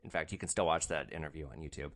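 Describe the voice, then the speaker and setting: A man's voice: extremely low pitch, quick pace, a bit bright. A man hosting a podcast, telling his rideshare stories in a casual, sarcastic, blunt way. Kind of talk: casual storytelling.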